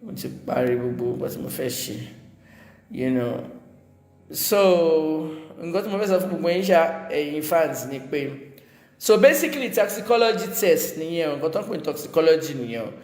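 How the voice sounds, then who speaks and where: A man with a Nigerian Yoruba accent giving casual commentary, animated and mixing Yoruba and English. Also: a little high. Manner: animated, switching quickly between Yoruba and English. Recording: echoey room with long reverb.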